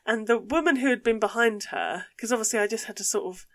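A young woman co-hosting a podcast, telling a story in casual chat with animated delivery and frequent swearing. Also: a little high, quick pace. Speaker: podcast co-host.

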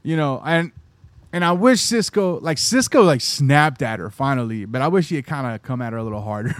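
A man's voice: medium pitch, expressive, a little fast, no room sound. Easygoing, rambling male podcast co-host. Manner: rambling, restarts a lot, easygoing. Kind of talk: casual chat.

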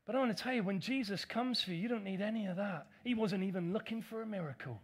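A man delivers a sermon with a notably high-pitched voice. He preaches with animation, often dropping into playful voices to mimic his critics. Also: fast. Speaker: pastor.

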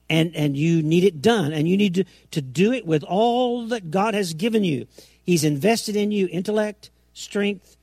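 A middle-aged man delivers an emphatic sermon in a somewhat high, gravelly voice. He swings between quiet, slow asides and loud, ringing declarations, acting out the quotes he reads. The sound is close and dry, with no room around it. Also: dry recording. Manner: emphatic, dramatic swings in pitch and loudness, acts out quotes. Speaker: preacher.

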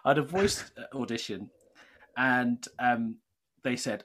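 A man's voice: medium pitch, measured pace. A middle-aged man, a guest in a casual chat, telling stories with lots of laughter. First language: not English. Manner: animated storyteller, laughs often.

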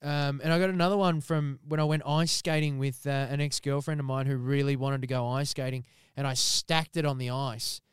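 Aussie guy in his 30s, bit croaky from a cold, smooth voice, dead dry studio sound, swears heaps. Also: mid-range voice, a little fast, hardly any pauses, no echo. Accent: Australian. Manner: swears a lot, animated storytelling. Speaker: podcast co-host. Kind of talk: casual podcast banter.

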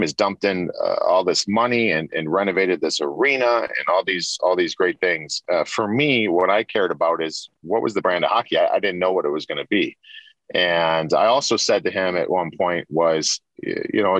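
Low-voiced man telling long stories. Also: moderate pace, a bit bright, no room sound. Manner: rambling, many restarts and repeats. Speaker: interview guest, former pro hockey player. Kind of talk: casual storytelling interview.

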